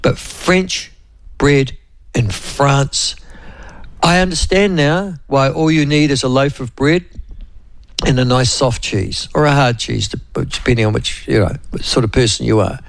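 A New Zealand man hosts a relaxed talk radio show, wandering from story to story with plenty of ums and uhs. His voice has a gravelly, creaky edge, and the recording is dry and close. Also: medium pitch, unhurried, no echo. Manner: rambling, chatty, many fillers. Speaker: radio host. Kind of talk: casual talk radio chat.

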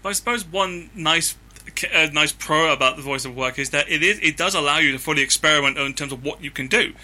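Fast-talking, bright-voiced man asking questions. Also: a little high. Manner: rambling, eager questions. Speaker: interviewer. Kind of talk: casual interview.

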